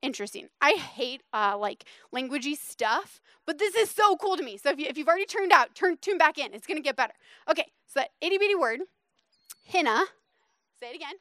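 Female preacher, high voice, dry close sound, lively and conversational with hushed emphasis. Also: a little fast, no echo. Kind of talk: sermon.

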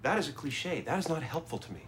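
A bitter, sarcastic loser. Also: male voice, on the high side, big pitch swings, fast, fairly bright tone, slight background noise. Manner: sarcastic, ranting, theatrical. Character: bitter, self-pitying man railing at God.

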